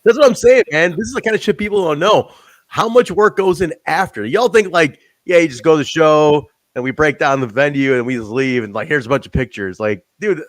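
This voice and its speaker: A young man hosting a podcast, telling backstage stories in an animated, laughing, profanity-filled way. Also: on the high side, a little fast, no room sound. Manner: animated, swearing, laughing storyteller. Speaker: podcast host. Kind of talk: casual chat.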